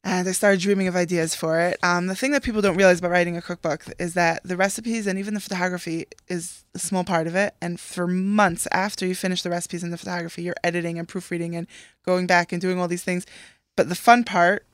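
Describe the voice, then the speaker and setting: A woman's voice: on the low side, fairly even intonation, quick pace, dry recording, clean studio sound. A woman cookbook author, a guest on a podcast, talking enthusiastically with many fillers. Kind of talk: casual podcast interview.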